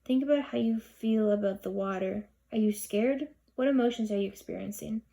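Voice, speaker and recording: A woman voicing a soothing hypnotist who drawls in a low, husky voice. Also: fairly quick, mellow, lightly acted.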